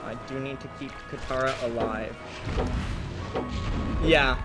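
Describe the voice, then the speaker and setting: A man's voice: medium pitch, steady tone, takes it slowly, poor audio. A man casually commenting on his speedrun while rambling through a joke, full of fillers. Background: game music.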